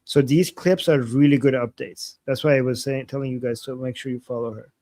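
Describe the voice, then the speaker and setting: A man's voice: medium pitch, steady tone, fairly quick, mellow, no room sound. A man co-hosting a live stream in casual chat, rambling and restarting his sentences with lots of "like.". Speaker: co-host of a live analysis stream.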